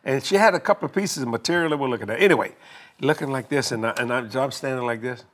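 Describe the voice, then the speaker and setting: An older man casually telling a long story, animated and laughing as he acts out both sides of a conversation. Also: mid-range voice, quick pace. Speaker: guest telling a marriage story.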